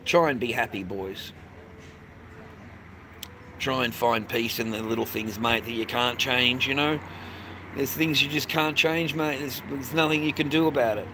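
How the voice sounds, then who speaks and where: A man's voice: mid-range voice, unhurried, pauses often. An Australian man live-streaming outdoors, chatting in a rambling way, swearing freely and calling everyone "mate". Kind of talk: casual live-stream chat. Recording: noisy outdoor traffic.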